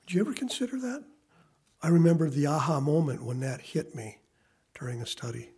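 A man in his thirties preaching a sermon, swinging from loud emphasis to quiet, hushed asides. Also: on the high side, very animated, fairly quick, slightly rough. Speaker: pastor.

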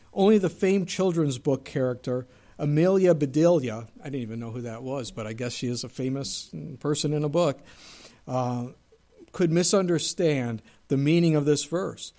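A man's voice: on the high side, dark tone. Man preaching a casual, chatty sermon. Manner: conversational preaching with asides and humor. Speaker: pastor.

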